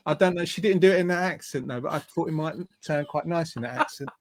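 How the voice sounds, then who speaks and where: A man with a fairly high voice hosts a live online show. He reads viewer comments aloud in a chatty, rambling way. He stumbles and restarts his sentences, and he is heard over a video call. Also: brisk, few pauses. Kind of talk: casual live-stream chat, reading out viewer comments.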